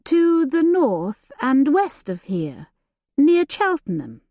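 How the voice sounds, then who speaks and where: A woman voicing a timid young governess who speaks hesitantly and quietly. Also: high voice, big pitch swings, takes it slowly, no echo, studio quality, pitched above the performer's own voice, full character voice.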